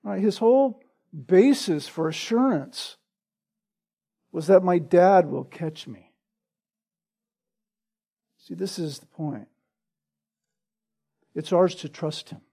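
A man preaching an expository sermon, earnest and deliberate, who often checks in with a rhetorical "right?" and repeats words for emphasis. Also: sits high, creaky, dark tone, slightly rough. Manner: earnest, rhetorical, frequent "right?" tag questions; slow and deliberate with emphatic repetition. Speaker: pastor.

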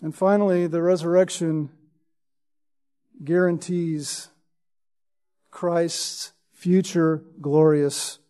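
A man's voice: on the high side, steady tone, takes it slowly, pauses often, mellow. A man preaching a sermon in an emphatic way, reading scripture and often asking "right?". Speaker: pastor.

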